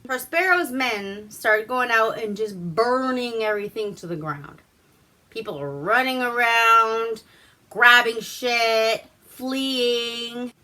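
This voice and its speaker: A woman recapping a film in a loose, profane and chatty way, taking her time with each sentence. Her voice is bright and clear, with a relaxed, unhurried pace. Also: on the high side. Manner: profane, chatty, acts out quotes. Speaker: vlog host reviewing a movie. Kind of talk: casual movie recap.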